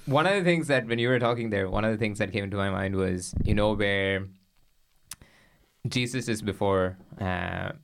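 Lower-voiced guy on a faith podcast, thinks out loud, bit halting. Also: creaky, slight background noise. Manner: thoughtful, halting with fillers. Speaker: podcast co-host. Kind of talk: casual faith discussion.

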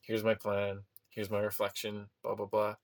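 A man in casual podcast chat, relaxed and wry, leaning on "um" and "like" as he talks. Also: lowish voice, normal speed. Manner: relaxed, full of fillers like "um" and "like", wry. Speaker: podcast co-host, new teacher.

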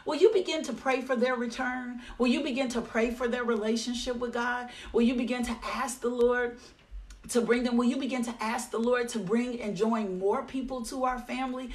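A woman leads a devotional talk that flows into prayer, fervent and encouraging, repeating phrases for emphasis. Her voice sits a touch high. She sounds a little distant from the microphone. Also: steady tone, moderate pace. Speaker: devotional leader.

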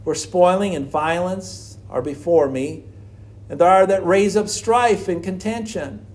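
A man's voice: sits high, a little slow, darkish tone. A man preaching an earnest sermon on struggling faith, full of rhetorical questions. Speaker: pastor.

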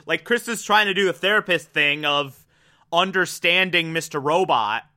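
A man giving a casual, excitable episode recap, with lots of "like" and "uh" and some swearing. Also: on the high side, normal speed. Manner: excitable, profane, filler-heavy.

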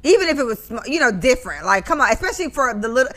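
A woman co-hosting a chat podcast, her voice bright and her pitch swinging all over as she tells stories. She curses freely and slips into acted-out quotes mid-sentence. The talk is loose, casual gossip between friends. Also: rapid-fire. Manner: animated, profane, acts out quotes. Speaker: podcast co-host.

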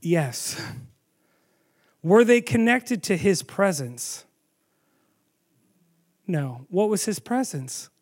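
A man preaching a sermon, telling the story with animated storytelling and asking the audience questions. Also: sits high, drawn-out words, long pauses.

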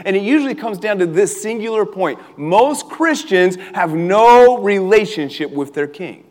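An energetic young male preacher with a fairly high voice delivers a lively sermon and often calls on the crowd to answer back. His words ring out in a hall with a long reverb. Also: moderate pace, hardly any pauses. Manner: animated, calls for crowd responses, laughs often. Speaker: youth pastor. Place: church hall with a live audience.

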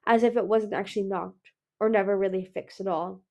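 A woman's voice: medium pitch, fairly even intonation, fairly quick, dark tone, highs cut off. A woman narrating a fantasy novel as an amateur audiobook reader, stumbling and restarting words now and then. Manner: reads with frequent slips and restarts.

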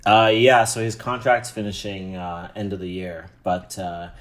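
Low-voiced hesitant young man guest. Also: level tone, measured pace, crowd noise. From Saskatoon, Canada. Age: young adult. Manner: hesitant, many fillers. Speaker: podcast guest and sponsor. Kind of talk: casual chat.

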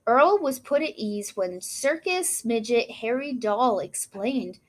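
A woman's voice: a little high, lively intonation, slow. A woman co-hosting a casual chat, reading out history notes with frequent asides and apologies for mispronounced names. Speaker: podcast co-host.

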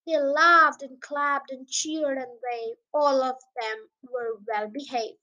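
A young girl with a high, bright voice reads a children's poem for her podcast. She recites eagerly in a sing-song storyteller's lilt. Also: slow, hardly any pauses, poor audio. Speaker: podcast host and reader. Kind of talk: reading a children's poem aloud.

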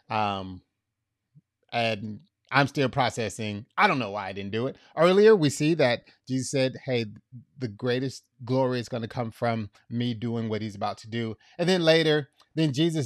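A man preaching a sermon in a conversational way, acting out scripture dialogue, dropping soft for tender lines and rising for emphasis. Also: dry recording, studio quality. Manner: drops soft and low for tender lines, rises loud for emphasis. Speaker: pastor.

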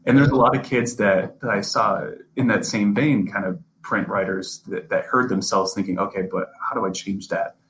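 A man's voice: on the low side, moderate pace, hardly any pauses, a bit bright, slight background noise, poor audio. A young man, a sports reporter, talking earnestly as a podcast guest, often repeating and restarting words. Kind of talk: casual interview conversation.

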